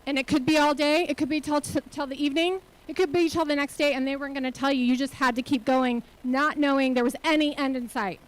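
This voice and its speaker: A woman's voice: sits high, fairly even intonation, fast, hardly any pauses, poor audio. A woman speaking as a nonprofit CEO giving a motivational conference talk on a stage, earnest and full of rhetorical questions to the audience.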